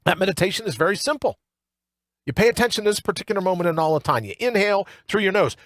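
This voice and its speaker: A man hosting a morning talk show in a studio, ranting in an animated, colloquial monologue full of asides. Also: high voice, quick pace, no echo. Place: radio studio. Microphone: studio microphone with earpiece.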